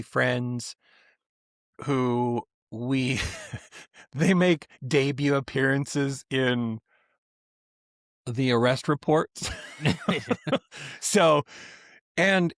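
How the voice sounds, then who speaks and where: A middle-aged man co-hosting a casual podcast, a storyteller who drops into quick impressions of the people he talks about. His voice sits at an ordinary middle pitch. It is recorded close and dry, with no room echo. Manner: animated storyteller, jumps into quoted voices. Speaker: podcast co-host. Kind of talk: casual chat.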